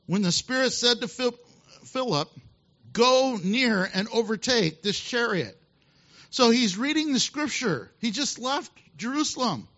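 A male pastor preaching a sermon, telling a Bible story with animated asides and laughter. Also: extremely high pitch, a little slow. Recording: dull lo-fi sound.

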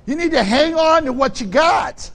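A middle-aged male pastor preaching a sermon, animated and acting out the people in his stories. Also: moderate pace. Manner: animated preaching, acts out quoted people in a high shout.

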